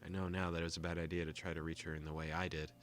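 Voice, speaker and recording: Very deep-voiced young man reading. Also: very fast, faint music behind. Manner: calm steady reading, joking asides. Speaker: gaming video host. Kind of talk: reading a visual novel aloud with casual asides.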